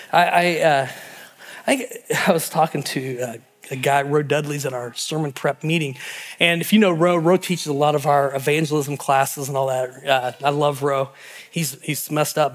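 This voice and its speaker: A pastor preaching a sermon and telling stories with animated energy, acting out the people in them. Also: male voice, a little high, husky. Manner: animated storytelling, acting out voices in quotes.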